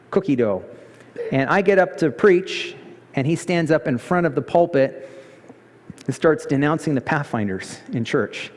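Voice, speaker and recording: A male pastor preaching a sermon, telling a story with lively emphasis and pitch jumps. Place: church sanctuary. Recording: church hall reverb.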